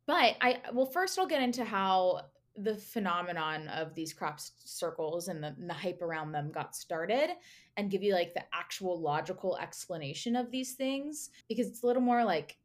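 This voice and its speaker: A woman's voice: on the low side, animated, moderate pace. Chatty young woman hosting a podcast. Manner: chatty, giggly, lots of fillers and asides. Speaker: podcast co-host presenting the topic. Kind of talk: casual podcast chat.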